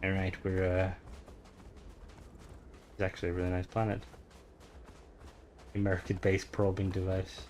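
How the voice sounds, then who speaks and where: A man's voice: low-pitched, monotone, moderate pace, pauses often, a little mellow, a little hiss or hum. A young Irish man streaming a game, chatting casually in a rambling way full of filler words. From Ireland. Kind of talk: casual gameplay commentary.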